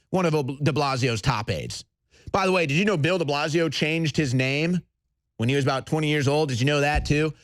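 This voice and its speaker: A male talk show host on a heated political rant, shouting and mocking as he goes. His voice sits fairly high and swings up and down a lot. The studio sound is dry and close. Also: no echo.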